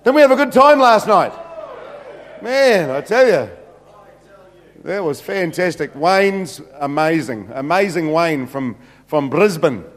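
Slow and animated, with long pauses, a fairly high-pitched middle-aged pastor shares comic stories from the pulpit, leaning heavily on fillers. His sermon storytelling echoes through a church hall with long reverb.

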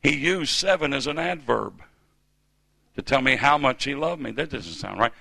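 A man's voice: mid-range voice, expressive, moderate pace, gravelly, pushed and bright, dry recording. A man in his fifties from the United States preaching a sermon in a church, with emphatic call-and-response delivery. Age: 50s.

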